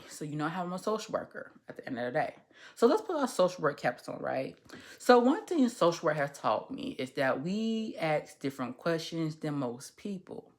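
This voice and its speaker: A woman hosting a casual commentary podcast, speaking as a social worker, candid and rambling, swearing freely and tripping over her words. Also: low-pitched. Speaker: podcast host.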